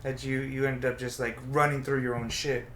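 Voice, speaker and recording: Man, podcast host, excitable and fast, swears, roomy echoing studio. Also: mid-range voice, a little hiss or hum. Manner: quick and excitable, swears casually. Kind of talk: casual podcast chat.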